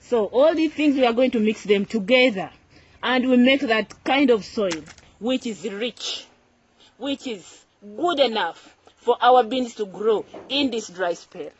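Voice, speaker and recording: A woman's voice: a little high, animated, measured pace. A woman farmer hosting her own channel, showing in a casual tutorial how to plant crops outdoors. She repeats phrases as she works with her hands and keeps her tone upbeat and instructive. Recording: dull lo-fi recording.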